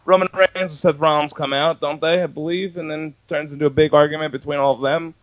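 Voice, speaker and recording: A man co-hosts a casual podcast, talking through events in a loose, rambling way that keeps circling back on itself. His voice sits a little high. The recording is dull and lo-fi. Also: flat delivery, fast talker, no echo. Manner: rambling, self-correcting recaps. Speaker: podcast co-host. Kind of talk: casual wrestling podcast chat.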